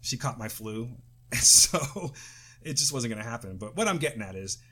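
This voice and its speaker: A middle-aged man, fatigued from recovering from the flu, co-hosts a casual podcast, swearing and rambling with restarts. His mid-range voice is husky yet bright and forceful, animated at a moderate pace.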